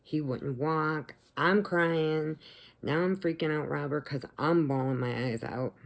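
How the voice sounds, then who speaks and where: Low, gravelly-voiced woman telling a story. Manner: animated, emotional retelling, acts out quotes, laughs often. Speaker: vlogger. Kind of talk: casual storytelling to camera.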